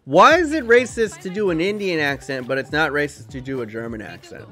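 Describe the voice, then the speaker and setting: A man's voice: on the high side, lively intonation, a little fast, pushed and bright. A young man streaming, talking casually and rambling to his chat, often swearing. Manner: rambling, chatty, profane, laughs at chat.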